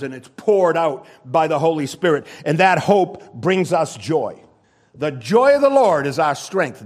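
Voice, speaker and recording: An older pastor preaches a sermon in a fairly high voice, earnest and emphatic. He climbs to urgent exhortation, then drops into quiet asides.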